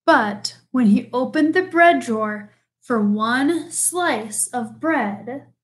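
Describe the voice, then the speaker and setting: A woman reading a picture book aloud with a slow, expressive storytelling delivery. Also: a little high. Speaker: storybook reader.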